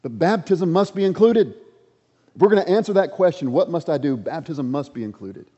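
A man's voice: a little high, animated, brisk, warm tone, slightly rough. A man preaching a sermon, earnest and emphatic, building points through repeated rhetorical questions. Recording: dull lo-fi audio with long hall reverb.

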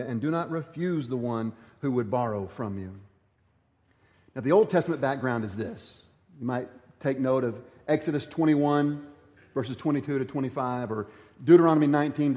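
A man's voice: mid-range voice, darkish tone, long reverb tail, highs cut off. A pastor giving a sermon, reading scripture aloud and stressing his points through repetition.

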